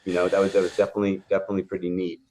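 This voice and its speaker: A man's voice: low voice, monotone, racing, a little mellow. A man telling a story in a podcast interview, rambling through fillers and restarts and acting out the dialogue. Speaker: guest, hot dog stand owner. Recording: dull lo-fi podcast audio.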